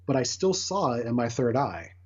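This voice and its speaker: A man in his thirties, a guest on a casual storytelling interview, earnestly recounts a personal experience, rambling with many restarts and acting out quotes. His mid-range voice is very animated, moving at normal speed with a darkish tone and a breathy edge. The audio is muffled and lo-fi.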